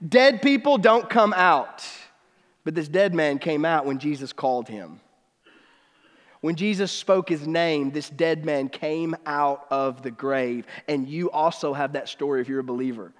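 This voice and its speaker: A man preaching a sermon in a casual, conversational way with slang, swinging between emphatic and hushed. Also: fairly high pitch, measured pace, long reverb tail. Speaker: pastor.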